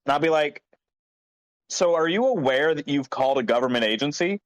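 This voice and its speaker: A man's voice: a little high, animated, a little fast, low-quality recording. A man chatting casually, telling wry anecdotes with an amused tone. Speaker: podcast regular. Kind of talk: casual chat.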